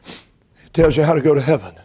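A male preacher delivering a revival sermon in a tearful state, swinging from fervent shouted bursts down to soft, quiet storytelling. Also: fairly high pitch, expressive, brisk, breathy edge.

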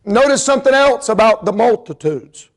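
A man preaching a revival sermon in a strikingly high voice, his tone tearful throughout. He rises into fervent shouted bursts and then falls back to soft, confiding storytelling. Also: animated, normal speed.

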